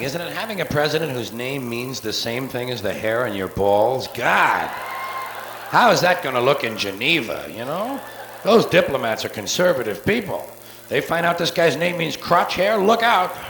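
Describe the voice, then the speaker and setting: A man doing a live stand-up routine, profane and sardonic, with rapid-fire wordplay, on a theater stage before an audience. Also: on the high side, very animated. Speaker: stand-up comedian. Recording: echoey live soundboard tape with faint hiss.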